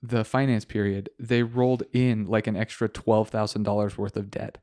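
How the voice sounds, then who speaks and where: A man's voice: fairly low pitch, flat delivery, normal speed, mellow. A man hosting a casual car podcast, joking and slipping into mock voices. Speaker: podcast host. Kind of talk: casual chat.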